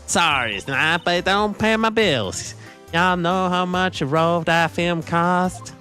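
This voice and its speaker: A man's voice: sits high, takes it slowly, pushed and bright, soft background music, pitched above the performer's own voice, exaggerated voice. A man voicing a brash young woman photographer with a Southern accent, talking in a sassy, bossy drawl while reading game dialogue. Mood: feisty. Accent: American Southern.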